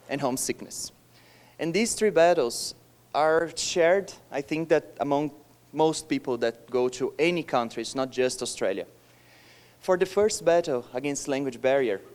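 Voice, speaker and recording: A man's voice: a little high, darkish tone. A young man from Brazil with a Brazilian Portuguese accent, giving a conference talk in a joking, self-deprecating way and laughing between lines. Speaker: conference speaker. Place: conference hall.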